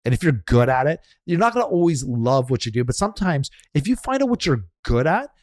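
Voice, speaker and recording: A male podcast host talking quickly and loosely, piling up restarts as he chats with his guest. His voice sits in a middle pitch and the sound is dry and close, with no room around it. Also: very animated, a little mellow, dry recording. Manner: fast, chatty, restarts and laughs. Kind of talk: casual interview chat.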